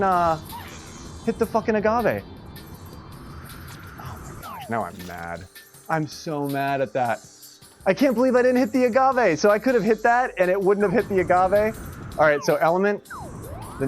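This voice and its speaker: A man streaming an online golf game live, commenting excitedly, laughing often, swearing and scolding himself over his shots. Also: a little high. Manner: excitable, swearing, quick to laugh and self-critical.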